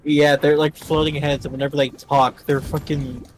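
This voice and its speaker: Easygoing man with a higher voice. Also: little pitch movement, moderate pace, faint music behind. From Canada. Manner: easygoing, laughs often. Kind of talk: casual chat while gaming.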